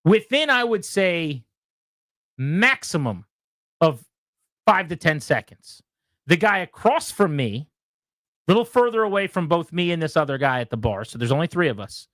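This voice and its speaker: A male radio host chats casually and tells an animated story, acting out other people in loud, high bursts. He speaks at a moderate pace with frequent pauses, and the recording is dry and studio quality.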